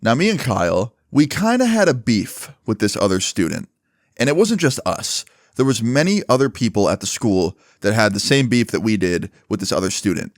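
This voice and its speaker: Lowish-voiced man telling a casual story. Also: moderate pace, no echo, studio quality. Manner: animated, swears freely, many fillers.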